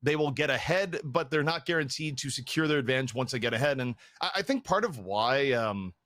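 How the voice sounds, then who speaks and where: A man breaks down team drafts as an esports caster, reasoning aloud and restarting his sentences. His voice is of middle pitch and recorded dry and close, with no room sound. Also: animated, brisk, fairly bright tone, no echo. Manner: analytical, thinking aloud with restarts. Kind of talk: esports analysis commentary.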